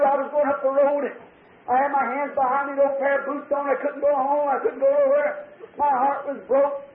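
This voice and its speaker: A man from preaching an impassioned sermon in church, telling a personal story and rising at times to shouts, with drawn-out phrases. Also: very high-pitched. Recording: echoey, tinny old church tape.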